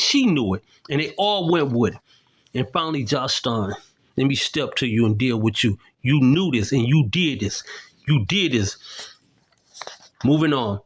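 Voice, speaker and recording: A man's voice: medium pitch, a bit bright. A middle-aged man giving emphatic, accusatory commentary to camera, walking through documents and often asking "okay?". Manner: indignant, accusatory, keeps tagging "okay?"; explains while showing documents to the camera. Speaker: independent video commentator.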